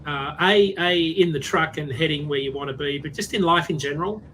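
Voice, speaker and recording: A man's voice: fairly high pitch, fairly quick, a bit bright, a little hiss or hum, rough recording. A man who used to drive trucks, reflecting in a casual podcast chat and often checking in with "right?".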